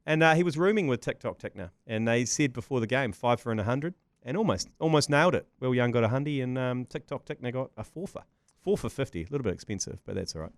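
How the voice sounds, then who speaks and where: New man, podcast host, excitable slangy banter, smooth resonant voice, dry close mic. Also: medium pitch, fast talker, no echo. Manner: excitable, laughs often, colorful slang. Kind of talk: casual sports banter.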